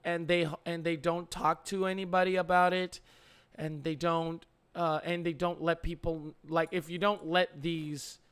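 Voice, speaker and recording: Slow, smooth-voiced young man streaming. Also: fairly high pitch, flat delivery, a bit bright. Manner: halting, many fillers and restarts. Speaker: streamer host. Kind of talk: casual live-stream chat. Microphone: headset.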